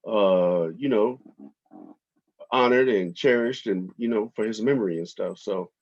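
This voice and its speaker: A man hosting his own podcast, telling relaxed stories from his home office with lots of fillers. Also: lowish voice, a little slow, lo-fi sound. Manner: relaxed storytelling with frequent fillers. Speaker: podcast host. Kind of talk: casual monologue.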